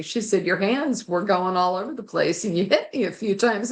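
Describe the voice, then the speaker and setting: A woman guest telling a personal story in an interview, animated and laughing now and then. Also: fairly high pitch, unhurried.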